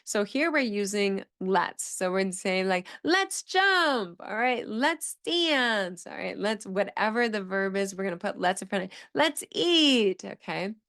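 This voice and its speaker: A woman's voice: medium pitch, fairly even intonation, fairly quick, hardly any pauses. A middle-aged woman speech-language pathologist teaching in an enthusiastic, explanatory way, acting out example phrases with exaggerated intonation. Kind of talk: teaching monologue.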